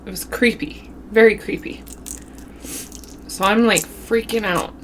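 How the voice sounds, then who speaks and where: A woman vlogger casually telling a spooky story while eating, with a runny nose and an animated, drawn-out way of talking. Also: medium pitch, a little hiss or hum. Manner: animated storytelling with southern-style "y'all". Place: home, eating on camera.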